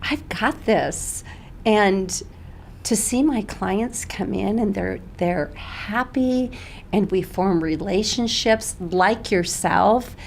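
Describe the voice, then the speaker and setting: A woman's voice: mid-range voice, slow pace, vocal fry, a little hiss or hum. A middle-aged woman who owns a med spa, speaking earnestly as a guest in an interview conversation. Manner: earnest, grows tearful and soft-spoken at times.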